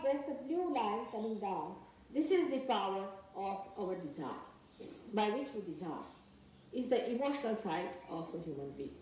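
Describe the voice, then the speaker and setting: A woman from India with an Indian English accent giving a spiritual lecture, earnest and emphatic, speaking in slow, halting phrases. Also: mid-range voice, a little mellow. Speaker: spiritual teacher. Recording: very echoey archival talk from a distance with faint noise.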